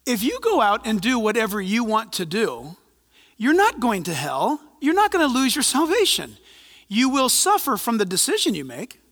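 A male pastor preaching a sermon in an animated, conversational way, with asides and humor. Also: very high-pitched, normal speed, big-room sound. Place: church.

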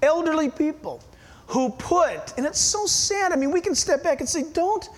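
A man's voice: extremely high pitch, animated, moderate pace. A man preaching a sermon as pastor, emphatic and firing rhetorical questions at his listeners.

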